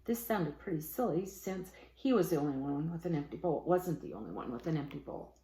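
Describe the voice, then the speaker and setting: A woman teacher reads a children's picture book aloud in a fairly low voice. The room around her rings with a noticeable echo. She gives the characters lively voices. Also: fairly quick. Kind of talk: storybook read-aloud.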